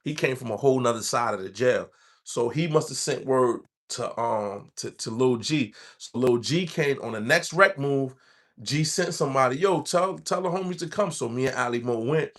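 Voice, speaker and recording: A man's voice: mid-range voice, normal speed. A man from the Bronx with a New York accent, telling a rambling street story in casual talk. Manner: streetwise, rambling, acts out quoted voices.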